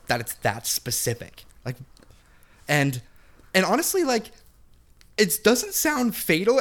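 A man's voice: fairly high pitch, fairly bright tone. A man co-hosting a podcast in casual chat, jokey and rambling, filling his speech with "like". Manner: jokey, rambling, heavy use of "like". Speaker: podcast co-host.

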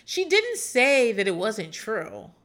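A woman's voice: fairly high pitch, wildly swooping pitch, slow, noisy background. A woman in casual talk, rambling and swearing freely as she recaps a show, with frequent laughs and filler words. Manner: profane, rambling, chatty, often laughing.

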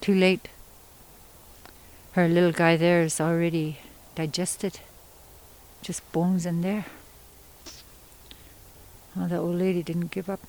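A woman storyteller from Yukon, Canada, telling a traditional story in an unhurried, conversational way with pauses and asides. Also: on the low side, level tone, a little mellow, low-quality recording. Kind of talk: oral storytelling.

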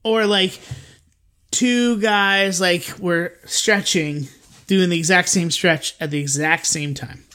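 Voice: mid-range voice, steady tone, slow pace, bright, forceful tone, clean tone. A podcast host in loose, comedic conversation with a co-host. The talk is playful and jokey, and it wanders through restarts and self-corrections as the host circles back on their own words. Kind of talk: casual comedic podcast chat.

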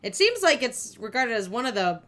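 A woman's voice: a little high, very animated, normal speed, fairly bright tone. A woman co-hosting a casual podcast about plays, joking playfully and speaking in slangy terms. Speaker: podcast co-host. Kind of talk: casual chat about literature.

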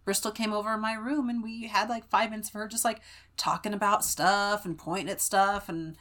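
A young woman co-hosting a casual podcast chat, telling stories in an animated way. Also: medium pitch, fairly quick. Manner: animated storytelling, mimics voices when retelling. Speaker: podcast co-host.

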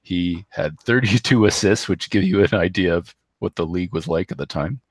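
A man with a deep, low voice talks hockey in a casual, wandering way, stopping and restarting his thoughts with plenty of fillers. When he reads numbers he speeds into a flat run. The sound is dry and close. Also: normal speed, dry recording. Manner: rambling, hesitant, many fillers and restarts. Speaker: podcast co-host.

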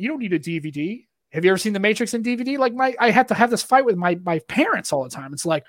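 A man's voice: high voice, fast, hardly any pauses, no room sound, studio quality. A man with a Boston accent, co-hosting a podcast in casual chat, ranting with lots of restarts. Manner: animated, ranting, rambling with restarts. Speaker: podcast co-host.

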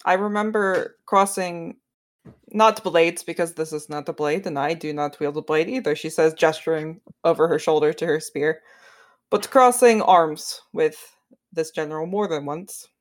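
A woman plays a stern woman warrior in a tabletop game who wields a spear. Her voice sits fairly low, and her speech is formal and measured, with no contractions. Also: natural voice. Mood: reflective.

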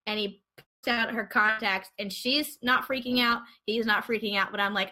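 A woman hosting a podcast, chatting casually and telling stories with lively asides. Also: on the high side. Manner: animated storytelling, quick asides. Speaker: podcast host. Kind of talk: casual chat.

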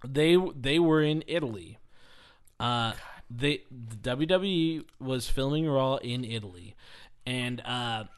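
Male co-host, mid-pitched, casual chat, animated storyteller who laughs a lot. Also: takes it slowly, clean tone. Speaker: podcast co-host.

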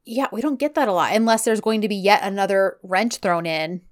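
A woman's voice: medium pitch, a little fast. A woman co-hosting a casual podcast, rambling through her thoughts with many "like"s and "um"s. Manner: rambling, full of "like" and "um". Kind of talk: casual chat recapping a TV drama.

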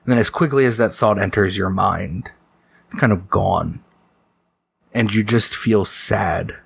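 Low-voiced male game master, slow, dramatic horror narration, dry mic. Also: vocal fry, husky, no echo. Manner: slow, deliberate for dramatic beats.

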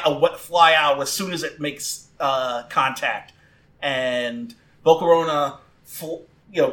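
Give me a man with a slightly high voice narrating as game master, loose and full of fillers. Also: fairly bright tone.

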